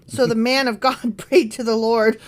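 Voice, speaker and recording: Female co-host, fairly high voice, casual, jokey reader. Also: level tone, normal speed. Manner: joking, swears, laughs while reading. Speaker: podcast co-host. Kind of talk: casual Bible-study chat.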